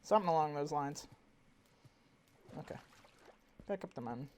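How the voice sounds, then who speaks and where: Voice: mid-range voice, animated, moderate pace, darkish tone. Chatty gamer rambling over noise. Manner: rambling, chatty, talks to in-game animals. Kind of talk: casual let's-play commentary. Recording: audible background noise.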